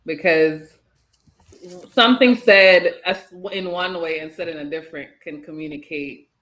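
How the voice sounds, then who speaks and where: An animated speaker in a casual group Bible discussion. They laugh often and fill their sentences with "like" and "you know". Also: medium pitch, a little slow, poor audio.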